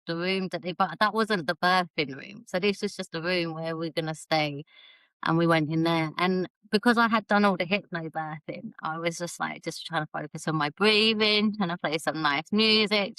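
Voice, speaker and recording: A woman chats through a personal story as a podcast guest, laughing often as she goes. Her voice sits at a middle pitch and the sound is dry and close. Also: clean tone, dry recording, poor audio. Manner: chatty, laughs often, animated retelling. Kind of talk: casual storytelling conversation.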